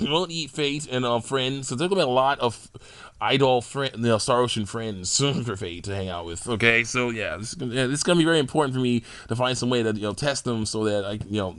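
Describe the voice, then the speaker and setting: Young man, casual game-modding chat, rambling, laughs a lot, mid pitch, dry close sound. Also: no room sound. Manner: rambling, laughing often, trails off and restarts. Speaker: hobbyist game-character maker. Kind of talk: casual commentary on his game mods.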